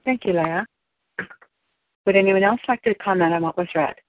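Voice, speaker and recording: A woman leads a recovery meeting, briefly thanking each speaker and calling on the next. Her voice is dry and at a middle pitch. It sounds thin, like a phone line. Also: normal speed, dry recording. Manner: brief and welcoming, calls on speakers. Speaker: meeting leader.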